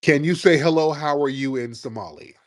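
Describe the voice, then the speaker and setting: A man's voice: a little high, brisk, no echo, studio quality. Combative male call-in radio host. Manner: sharp, argumentative, pressing the caller.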